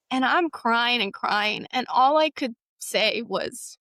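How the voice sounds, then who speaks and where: A young woman sharing a painful personal story, halting and emotional, with frequent fillers. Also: on the high side, sharp tone, no echo, studio quality. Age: young adult.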